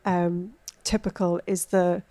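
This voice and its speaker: A woman's voice: fairly low pitch, slow pace. Chatty woman guest. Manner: chatty, animated storytelling, frequent fillers. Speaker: food editor, guest. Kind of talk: casual food chat.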